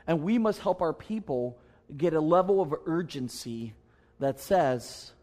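A male pastor preaching in a slightly raised, bright-edged register. He tells a personal story earnestly and conversationally, pressing his points home with emphatic asides to the congregation. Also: a little high, animated, measured pace. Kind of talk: sermon storytelling.

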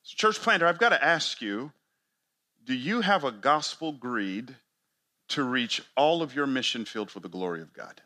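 An expressive male voice at a moderate pace delivers a sermon to church planters. He preaches emphatically, full of rhetorical questions, with big swings in pitch and loudness.

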